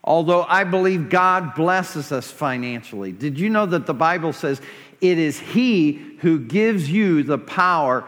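A high-voiced man preaching in a church, drawing his words out slowly and deliberately. He grows impassioned, pleading in fervent prayer. His voice rings with the long reverb of a large sanctuary. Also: expressive, a bit bright. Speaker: pastor. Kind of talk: sermon.

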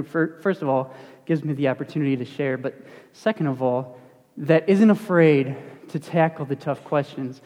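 A young man delivers a relaxed, talky sermon as student pastor, his voice sitting a little high for a man. His speech is animated and self-deprecating. The church hall gives it a long, ringing tail. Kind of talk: casual sermon with stories. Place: church sanctuary.

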